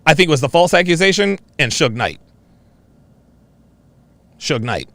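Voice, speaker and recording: A man's voice: sing-song, measured pace, vocal fry, fairly bright tone, dry recording. Man with wildly swinging vocal inflections. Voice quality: distinctive voice. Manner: swings between very high and very low inflections. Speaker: show host reading viewer messages. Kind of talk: live-stream commentary.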